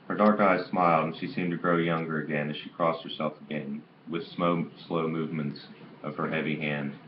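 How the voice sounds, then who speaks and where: A man's voice: rumbling low, fairly even intonation, normal speed. A man reading a novel aloud in an amateur way, stumbling and restarting on some words, on a dull lo-fi recording with faint hiss. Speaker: audiobook reader.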